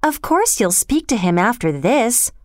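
A woman's voice: on the high side, big pitch swings, a little slow, dry recording, clean studio sound. A woman voicing a dreamy, romantic young girl. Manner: dreamy and gushing.

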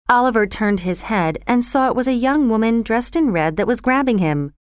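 A woman reading a storybook chapter aloud in a calm, even storytelling manner. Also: fairly high pitch, normal speed, hardly any pauses, smooth, no echo, studio quality. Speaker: narrator.

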